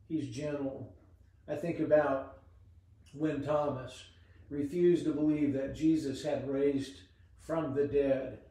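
A middle-aged man delivers a devotional sermon in an earnest, gentle way, stumbling over the odd word and filling pauses with "uh." His voice is warm and mellow. It rings around a very echoey room, picked up from a distance. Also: mid-range voice. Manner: earnest, gentle preaching with frequent "uh" fillers and repeated words. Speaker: pastor.

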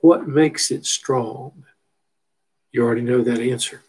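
Husky-voiced man lecturing on biology. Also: medium pitch, measured pace, darkish tone, low-quality recording. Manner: folksy, asks rhetorical questions, repeats terms. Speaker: biology instructor. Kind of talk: recorded lecture walking through a textbook figure.

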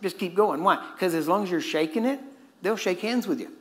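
A man's voice: high-pitched, animated, brisk. A man preaching a sermon, emphatic and constantly quizzing his listeners. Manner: emphatic, questioning the audience.

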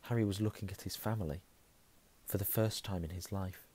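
A hoarse man reading a novel aloud, hushing at tense moments and correcting himself. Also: deep voice, fairly even intonation, a little fast. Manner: self-correcting, softening to a hush at tense moments. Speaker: reader.

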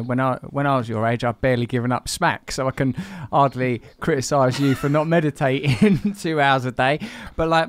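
A man, hosting a relaxed interview in a wry, reflective way. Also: mid-range voice. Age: 40s. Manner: wry, reflective, swears casually. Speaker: podcast host. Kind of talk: casual conversation.

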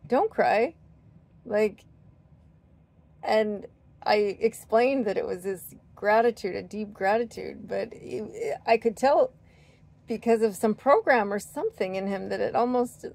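Slow, earnest spiritual woman vlogger. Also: mid-range voice, creaky. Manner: earnest, gentle, with fillers and restarts. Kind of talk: heartfelt personal talk to camera.

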